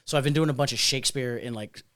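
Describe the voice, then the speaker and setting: A man's voice: mid-range voice, fast talker, fairly bright tone. A young man hosting a casual bar chat podcast, rambling and chatty with lots of fillers. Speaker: podcast host.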